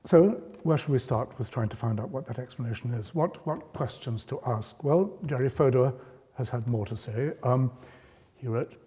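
The long reverb of a lecture hall carries a man's public talk. He speaks in a warm, mellow mid-range voice, measured and explanatory, and lifts his voice for emphasis on key points.

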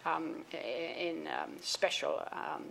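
A woman's voice: sits low, huge pitch swings, slow pace, gravelly, fairly bright tone, slight background noise. An older woman, an author giving a public talk, reads passages from her own book and fills the gaps with ums and restarts. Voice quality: frequent ums and restarts between readings.

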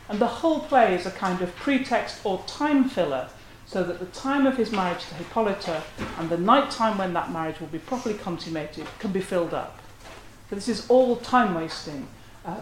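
A lecturer talks through a literary analysis in a measured, scholarly way, at a mid-range pitch. The voice rings out in a roomy space, and a faint hiss sits underneath. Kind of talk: academic lecture. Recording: roomy echo.

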